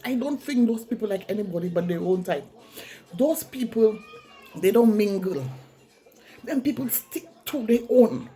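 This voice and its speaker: A woman's voice: medium pitch, animated, moderate pace, dark tone. A woman with a Saint Lucian accent ranting bluntly in a casual vlog, repeating herself for emphasis. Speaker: vlogger.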